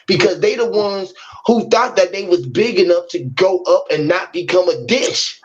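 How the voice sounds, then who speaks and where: High-voiced man rambling in profane metaphors. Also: moderate pace, dull audio. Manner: rambling, profane, spins long fish metaphors. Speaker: host of an online talk room. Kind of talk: casual chat.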